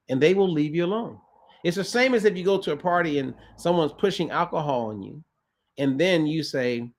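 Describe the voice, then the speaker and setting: A man coaching his viewers straight to camera in a conversational, emphatic manner. His voice sits a little higher than most men's. He often doubles back on phrases to hammer a point home. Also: normal speed. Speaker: nutrition coach. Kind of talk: casual direct-to-camera talk.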